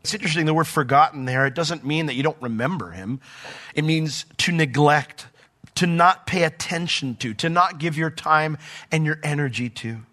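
A male pastor delivers a sermon in a conversational, storytelling way. His voice sits a bit high and rings bright and forceful. He reads scripture aloud and briefly acts out quoted voices as he goes. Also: normal speed. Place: church.

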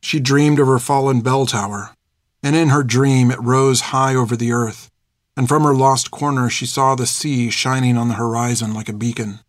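A male narrator reads an audiobook chapter at a steady, even, moderate pace in a middle-pitched voice. The sound is close and dry, with no echo.

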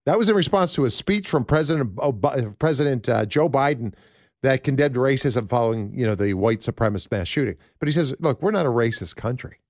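A man's voice: mid-range voice, animated, a little fast, darkish tone, no echo, studio quality. A man hosting a political talk show, rambling and conversational with lots of fillers.

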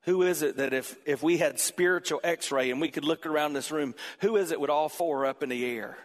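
A man preaching a sermon in a church auditorium, animated, swinging between loud emphasis and quiet passages. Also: fairly high pitch, a little fast. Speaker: pastor. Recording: long reverb from a large hall.

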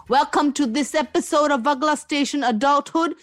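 A woman's voice: sits high, normal speed, faint music behind. A woman co-hosting a podcast in casual chat, playful and theatrical, joking in rhymes. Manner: playful, theatrical, jokey rhyming. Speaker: podcast co-host.

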